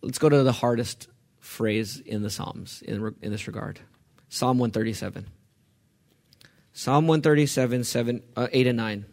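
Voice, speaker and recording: A man preaching a sermon on the Psalms, reading scripture and asking his listeners questions, moving from quiet reading to loud, emphatic outbursts. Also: mid-range voice, moderate pace, vocal fry. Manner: asks the audience questions.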